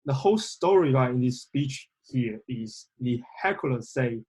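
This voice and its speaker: Husky-voiced man hosting a discussion. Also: mid-range voice, expressive, measured pace, darkish tone. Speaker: host. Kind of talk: casual discussion.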